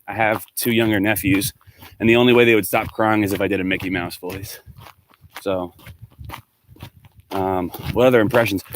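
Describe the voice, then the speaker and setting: A man's voice: fairly low pitch, a bit bright, a little hiss or hum. Chatty male teacher vlogging. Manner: chatty, rambling, answers comments aloud. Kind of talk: casual vlog to students.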